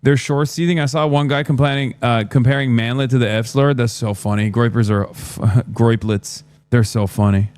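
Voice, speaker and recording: A man's voice: medium pitch, fairly even intonation, moderate pace, few pauses, darkish tone, clear, resonant tone, no room sound. A man doing livestream commentary, blunt and sarcastic, often swearing. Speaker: streamer.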